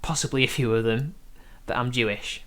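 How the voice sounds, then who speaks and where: A man's voice: medium pitch, steady tone, fairly quick, a bit bright. A man from Britain hosting a casual live stream, rambling and hesitant, laughing often between points. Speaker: stream host.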